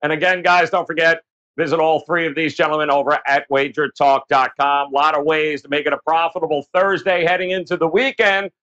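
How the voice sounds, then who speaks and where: A man hosting a sports betting show, upbeat and pitching the website between picks. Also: level tone, a little fast, a bit bright, highs cut off. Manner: upbeat, plugs the website often. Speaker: show host.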